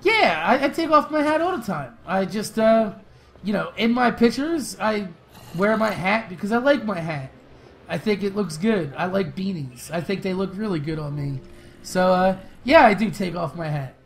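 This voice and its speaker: A young man hosting a gaming channel, telling stories and answering viewer questions in loose, profane, laughing chat that flares into excited shouts during fights. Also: sits high, moderate pace, poor audio. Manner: loose, profane storytelling with frequent laughs and fillers. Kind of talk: casual gameplay commentary with viewer Q&A.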